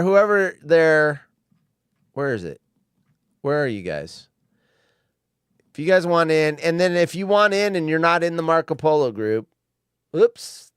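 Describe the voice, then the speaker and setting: A man's voice: fairly high pitch, fairly bright tone, clean tone, dry recording, clean studio sound. A man hosting a live-stream show alone, reacting with sarcastic, rambling commentary and muttered asides. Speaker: show host.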